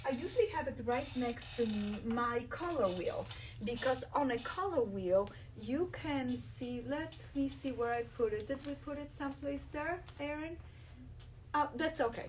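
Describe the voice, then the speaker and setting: Enthusiastic quilting host, a bit off-mic. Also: female voice, high-pitched, far from the mic, slight background noise. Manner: enthusiastic, shows fabrics while talking. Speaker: quilt designer hosting a live stream. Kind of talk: live craft demonstration.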